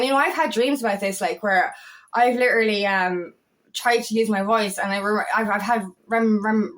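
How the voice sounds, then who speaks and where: A woman's voice: a little high, a bit bright. Raw, emotional woman coach, rambling and swearing. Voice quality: eccentric, quirky talker. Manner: rambling, heartfelt, swears often, voice catching with emotion. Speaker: feminine empowerment coach. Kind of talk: emotional personal vlog monologue. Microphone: camera.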